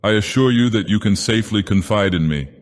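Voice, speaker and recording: This is a smooth middle-aged gentleman from a storybook, soothing and persuasive, voiced by a man. He speaks a little higher than the narrator around him. A long reverb hangs over his voice. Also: fairly quick, natural voice.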